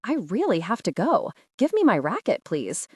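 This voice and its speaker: A woman voicing a tall young female student, polite but firm, who articulates each word clearly. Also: medium pitch, huge pitch swings, moderate pace, a little mellow, dry recording, clean studio sound, far from the mic. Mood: impatient. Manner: clear, carefully articulated speech.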